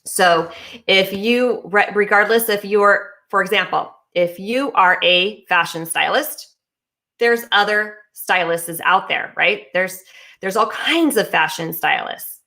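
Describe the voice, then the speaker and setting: A woman's voice: mid-range voice, slow, pushed and bright. A woman speaking as a business coach, giving an emphatic motivational talk with repeated phrases, restarts and fillers. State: talking with ice in her mouth briefly.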